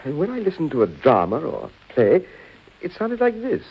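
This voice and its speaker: A diffident, apologetic radio-hater. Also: male voice, fairly high pitch, huge pitch swings, moderate pace. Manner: apologetic, hesitant. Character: diffident, apologetic man who dislikes radio. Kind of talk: 1940s radio comedy acting. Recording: dull 1940s radio broadcast.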